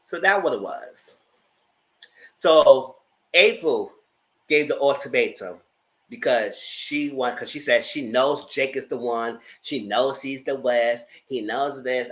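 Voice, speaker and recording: A man's voice: medium pitch, animated, a little slow, fairly bright tone. A man giving casual, slangy, gossipy commentary while reviewing reality TV. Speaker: TV show reviewer.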